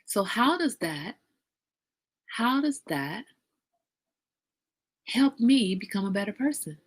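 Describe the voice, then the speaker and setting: A middle-aged woman hosting a casual livestream talk, outspoken and animated, now and then slipping into a high sing-song voice. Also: takes it slowly, slightly rough. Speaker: host.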